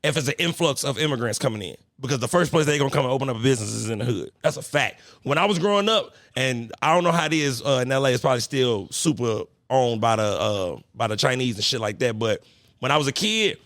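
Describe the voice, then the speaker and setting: A man hosting a podcast, talking in a casual, profane, animated way. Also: medium pitch, quick pace, no echo, clean studio sound. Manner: loud, profane, animated storyteller. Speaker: podcast host. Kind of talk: casual chat.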